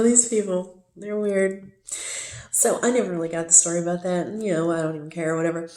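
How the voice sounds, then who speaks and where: A woman talks through a personal story at an easy, wandering pace, her mellow, darker voice bouncing in an echoey room. She keeps stopping for fillers and side remarks. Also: medium pitch. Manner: rambling, many fillers and asides. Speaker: storyteller recounting a relationship.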